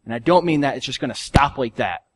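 A male pastor preaching a sermon in an earnest, conversational way, his voice swinging from soft to loud. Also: mid-range voice, animated, fast.

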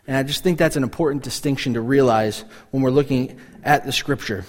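A man's voice: mid-range voice, fairly quick. A man preaching a casual, conversational sermon, often acting out the reactions of listeners in short quoted asides. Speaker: pastor.

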